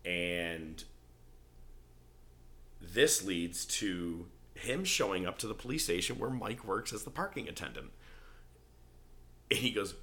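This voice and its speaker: Guy on a podcast, low-ish bright voice, swears a lot and does the characters' lines. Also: unhurried, long pauses. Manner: animated, swearing, acts out quotes in character voices. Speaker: podcast host. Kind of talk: casual chat recapping a TV show.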